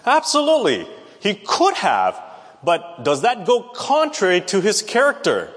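A man's voice: high voice, wildly swooping pitch, measured pace, fairly bright tone. A man preaching a Bible lesson, talking conversationally and asking the audience questions. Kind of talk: Bible teaching sermon. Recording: long reverb of a large hall.

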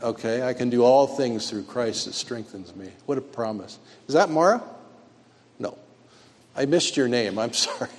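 A man leading a church sermon and inviting the congregation to share, speaking haltingly with many fillers. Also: mid-range voice, expressive. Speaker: pastor. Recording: long reverb in a church.

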